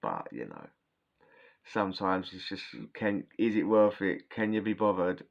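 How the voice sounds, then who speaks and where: A man's voice: low voice, huge pitch swings, unhurried, vocal fry, dull audio. A man telling prison stories casually to camera, rambling and swearing, often tagging lines with "yeah?". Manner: rambling, slangy, swearing, frequent "yeah?" tags. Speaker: vlogger recounting prison stories. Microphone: camera mic, talking to camera.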